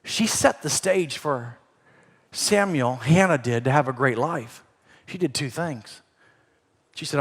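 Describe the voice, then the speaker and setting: A middle-aged man preaching a sermon as a pastor, animated, swinging between loud emphasis and soft asides. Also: fairly high pitch, takes it slowly, pauses often, slightly rough. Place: church auditorium. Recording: long hall reverb.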